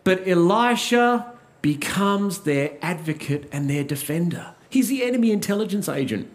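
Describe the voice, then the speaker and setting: A man's voice: sits high, lively intonation, normal speed. A man preaching a sermon, asking rhetorical questions and repeating key lines for emphasis.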